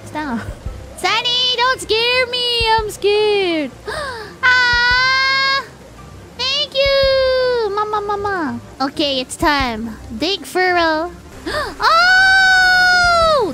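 A woman streamer chats her way through a game, excitable and prone to gasps and squeals. Her voice sits very high and she takes her time with the words. Clear music plays behind her. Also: slow pace. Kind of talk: casual gameplay chat.

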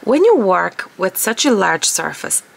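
A woman in her thirties, a collage artist, chatting casually while she works in her home studio, musing aloud and enthusiastic, her voice still rough from the morning. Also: medium pitch, sing-song, takes it slowly. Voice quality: morning voice, slightly gravelly. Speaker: collage artist and journal vlogger. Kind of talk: casual chat while crafting.

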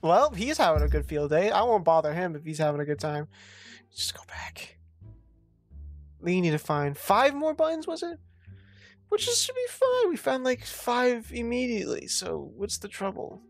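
A foul-mouthed commentator playing a horror game, muttering at the screen and then yelping in sudden bursts of high-pitched alarm. The voice sits mid-range with faint music underneath. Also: big pitch swings, brisk, few pauses. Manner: profane, rambling, talks back to the game; sudden loud outbursts and jumps in pitch. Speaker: gameplay commentator. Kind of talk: let's play commentary.

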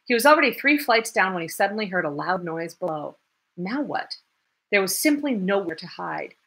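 A woman reading a classic novel aloud in a measured narrating voice. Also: mid-range voice, very animated, fairly bright tone, slightly rough. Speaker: audiobook reader.

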